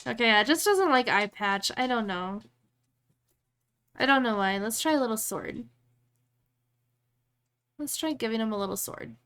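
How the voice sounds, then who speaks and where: A woman's voice: fairly high pitch, expressive, moderate pace, long pauses, a bit bright, clean tone. A woman chatting casually on a live stream, rambling and thinking aloud as she works.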